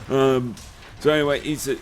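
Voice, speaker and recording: A man's voice: medium pitch, a little mellow, a little hiss or hum. Young man spinning yarns. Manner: swears freely, laughs through his stories. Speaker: let's play host. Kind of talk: casual storytelling over gameplay.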